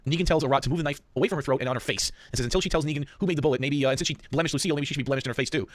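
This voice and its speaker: A man's voice: on the high side, racing, dry recording. A man hosting a podcast, recapping a TV episode in casual chat and acting out the characters' lines as he goes. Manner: lively storyteller, acts out lines with laughs. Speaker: podcast host.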